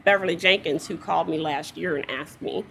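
A woman author being interviewed, talking in a halting, giggly way with many fillers. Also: sits low, vocal fry, fairly bright tone. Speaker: guest author. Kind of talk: casual interview.

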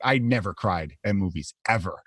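A man's voice: deep voice, animated, moderate pace, no room sound, clean studio sound. A comedian in his thirties, telling rambling stories in a casual podcast chat and swearing freely. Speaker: comedian guest. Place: home.

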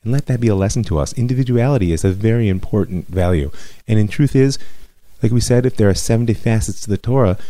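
A man teaching as a rabbi in a measured, reflective lecture with many pauses. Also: lowish voice, warm tone, dry recording. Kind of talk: recorded lecture.

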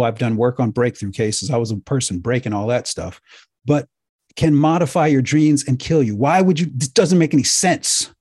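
A man giving an impassioned lecture-style talk to viewers, emphatic and repetitive, his voice getting hoarse. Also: medium pitch, a little mellow, no room sound, clean studio sound. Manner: emphatic, preachy, repeats himself. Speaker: speaker addressing viewers.

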